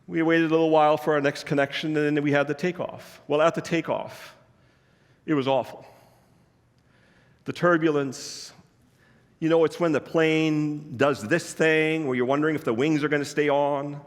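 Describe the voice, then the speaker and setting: A man preaching a sermon, telling a story in an earnest, conversational way. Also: a little high. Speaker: pastor. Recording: long reverb of a large hall.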